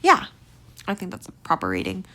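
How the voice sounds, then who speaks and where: A woman's voice: fairly low pitch, huge pitch swings, brisk, bright, forceful tone. A young woman chatting casually as she rates outfits, rambling with lots of fillers, her voice a little tired and strained. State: voice tiring, slightly strained. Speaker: gaming video creator. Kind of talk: casual rating commentary.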